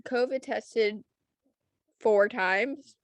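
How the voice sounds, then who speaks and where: A woman's voice: a little high, drawn-out words. A young woman co-hosting a podcast, chatting casually in a wry, self-deprecating way. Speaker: podcast co-host. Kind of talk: casual chat.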